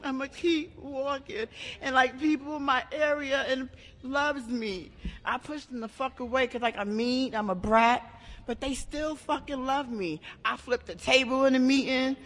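A woman giving a raw, emotional personal share at a support meeting, talking in halting bursts with many restarts and plenty of swearing. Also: high-pitched, fairly bright tone. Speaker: member sharing at a support meeting. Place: meeting room. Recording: echoey hall.

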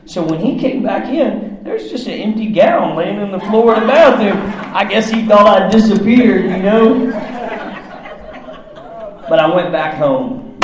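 Man, fairly high voice, gritty profane storyteller, very roomy echo. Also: noisy background. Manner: rough-edged, profane, talks in run-on bursts. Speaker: storyteller recounting his past. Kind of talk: candid personal story. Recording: very echoey room.

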